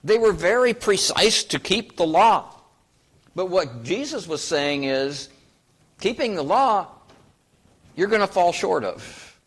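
A man preaches to his congregation in a homey, conversational style, often asking them questions. His voice sits a little high and swoops up and down with lively emphasis. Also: takes it slowly, long pauses, husky. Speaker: pastor. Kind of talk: sermon.

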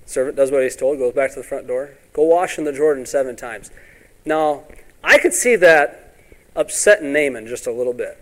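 A man preaching a sermon in a folksy way, often asking "all right?" and acting out Bible scenes in quick voices. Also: medium pitch. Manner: ends points with "all right?".

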